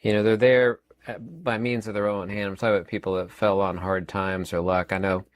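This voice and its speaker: A man's voice: lowish voice, little pitch movement, brisk, no room sound. A man in his fifties giving a rambling, emphatic opinion monologue as a channel host, often repeating words and using fillers. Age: 50s.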